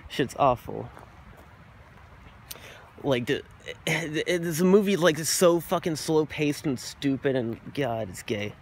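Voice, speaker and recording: A man's voice: fairly high pitch, animated, measured pace, long pauses, a little hiss or hum. A young man vlogging while walking outdoors at night, rambling in a goofy, profane way into a phone camera. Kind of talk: rambling casual monologue.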